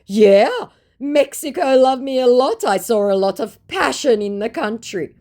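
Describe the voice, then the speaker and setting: A woman voicing a fawning male romance scammer who speaks slow, broken English. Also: on the high side, expressive, darkish tone, voice pushed up. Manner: slow, syrupy, clumsy grammar.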